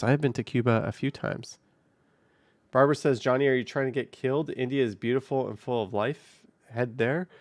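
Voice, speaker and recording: With a gravelly, medium-pitched voice and no audible room sound, this walking vlogger talks to his live-stream audience. He reads out their comments and wanders through casual, filler-heavy musings.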